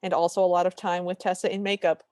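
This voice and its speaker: A woman's voice: on the low side, fast talker, dry recording. Casual woman podcaster, dry sound. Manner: animated, acts out quotes in voices. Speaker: podcast co-host. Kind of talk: casual movie recap chat.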